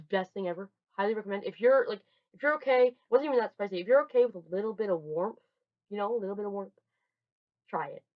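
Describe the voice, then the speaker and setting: A young woman chatting casually through a holiday haul, rambling and restarting, with sudden loud bursts. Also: mid-range voice. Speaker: vlogger. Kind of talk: casual show-and-tell haul. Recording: dull lo-fi home recording.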